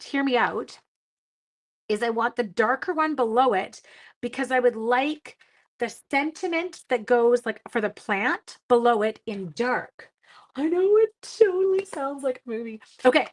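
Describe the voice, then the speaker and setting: A woman's voice: on the high side, poor audio. Middle-aged woman, livestream craft host, chatty and rambling, talks straight to her viewers. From Canada. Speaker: card-making livestream host. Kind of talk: casual chat while crafting.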